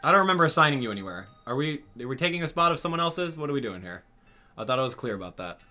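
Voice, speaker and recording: A man hosting a gaming channel, talking straight to his viewers in an exasperated, animated way during live game commentary. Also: mid-range voice, rapid-fire, soft background music.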